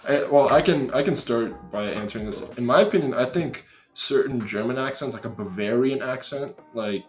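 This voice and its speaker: An American man hosting a relaxed chat and talking freely, with plenty of "like"s. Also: mid-range voice, moderate pace, faint music behind. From USA. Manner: relaxed, talkative, many "like"s and little impressions. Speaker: host. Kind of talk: casual chat.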